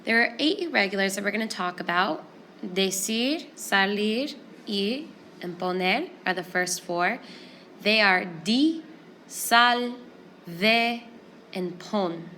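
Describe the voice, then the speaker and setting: A woman teaches a Spanish lesson, walking through each rule in a clear, patient, step-by-step way. Her voice sits at a medium pitch, with a faint hiss of noise behind it. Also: slow. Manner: clear, explanatory, steady step-by-step pacing. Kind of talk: classroom grammar lesson.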